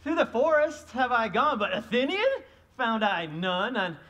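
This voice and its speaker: A woman's voice: a little high, very animated, unhurried, fairly bright tone. A woman playing the mischievous sprite Puck in a live stage Shakespeare performance, giggling through her playful, theatrical lines. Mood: impish.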